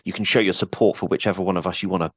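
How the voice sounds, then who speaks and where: A deep-voiced man co-hosts a casual podcast and explains things in steady detail. The recording is close and dry, with no room sound. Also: racing, no room sound. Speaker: co-host. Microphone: headphones, remote call.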